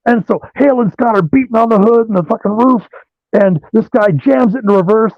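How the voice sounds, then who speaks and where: A man, a rock guitarist being interviewed over a remote call, telling animated stories and swearing freely. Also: high voice, fairly quick, dry recording. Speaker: guitarist guest. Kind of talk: profane storytelling interview. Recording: dull lo-fi dry sound.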